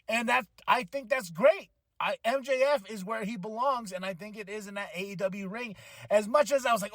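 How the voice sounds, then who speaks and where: A man hosting a podcast, recapping a wrestling show with animated enthusiasm and occasional excited shouts. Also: high-pitched, normal speed, dry recording, clean studio sound. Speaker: podcast host.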